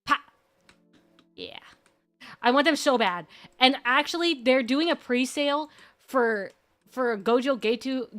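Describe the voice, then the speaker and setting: Brief: excitable woman streamer, higher pitch, gushy rambling chat, faint music underneath. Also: normal speed. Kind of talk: casual live-stream chat. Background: faint background music.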